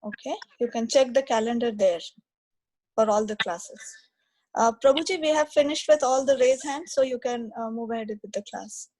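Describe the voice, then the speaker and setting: Polite high-voiced woman moderating a class. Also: normal speed, a little mellow, poor audio. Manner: polite, organizing. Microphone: video call.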